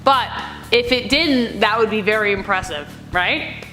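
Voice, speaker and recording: A woman with a medium-pitched voice, speaking unhurriedly, reacts to scary video clips with jumpy exclamations and chatty asides. Music plays clearly in the background.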